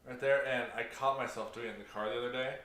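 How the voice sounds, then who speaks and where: A man in a casual podcast chat, telling stories in a profane, animated way. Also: medium pitch, fast, far from the mic. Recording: echoey room, off-mic.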